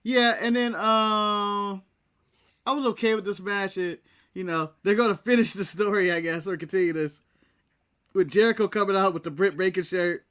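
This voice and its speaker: A man's voice: sits high, moderate pace, fairly bright tone, clean tone. An American man co-hosting a casual wrestling recap show, talking bluntly and laughing often. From United States. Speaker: podcast co-host.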